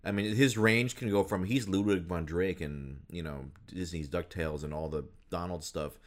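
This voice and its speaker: A man's voice: deep voice, moderate pace. A man chatting casually about voice actors, rambling with many fillers and restarts.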